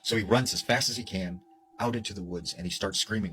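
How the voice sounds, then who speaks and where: Animated low-voiced man telling a scary tale. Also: a little fast, background noise. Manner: animated, shouts quoted lines. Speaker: storyteller. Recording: music playing behind.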